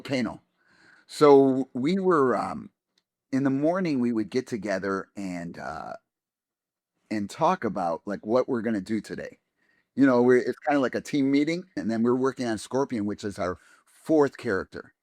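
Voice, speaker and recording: A man telling an anecdote as an interview guest, animated and casual, with many fillers and restarts. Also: mid-range voice, dry recording, clean studio sound. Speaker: interview guest, game actor.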